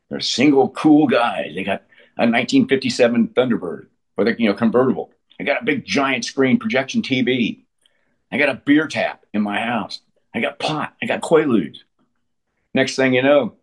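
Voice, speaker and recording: A man's voice: fairly low pitch, slightly rough. A man in his sixties telling his story as an interview guest, blunt and profane, often restarting his sentences. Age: 60s. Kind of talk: candid conversational storytelling.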